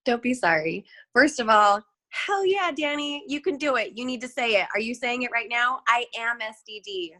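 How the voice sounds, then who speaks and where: A woman's voice: fairly high pitch, animated, normal speed, bright, forceful tone. A woman on a group video call who gushes enthusiastically, full of effusive praise. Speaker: team member on a group call. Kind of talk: enthusiastic chat.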